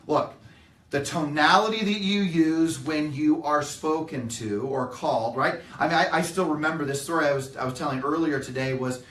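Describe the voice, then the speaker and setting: A man's voice: fairly high pitch, moderate pace, a bit bright. Earnest middle-aged man speaking in an echoey room. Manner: earnest, emphatic, acts out quoted voices. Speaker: motivational speaker. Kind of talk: motivational talk to an audience. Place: meeting room with live audience. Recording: echoey room, mic at a distance.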